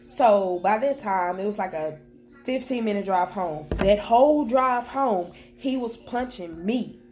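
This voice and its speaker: A woman's voice: medium pitch, unhurried, a little mellow. A young woman vlogger talking to the camera at home, telling a personal story in a candid, plain-spoken way and quoting what was said. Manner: candid, plain-spoken retelling with quoted dialogue. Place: at home with children nearby.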